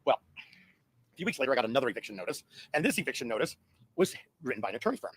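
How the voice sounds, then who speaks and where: A man's voice: mid-range voice, big pitch swings, rapid-fire, a bit bright, slightly rough, no echo. A middle-aged man telling a long story in a casual, rambling way, with restarts and laughs at his own tale. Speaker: guest.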